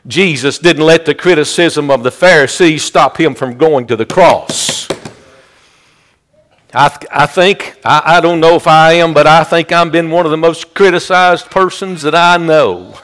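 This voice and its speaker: A man's voice: a little high, a bit bright. A male pastor preaching a fervent sermon with rhythmic repetition.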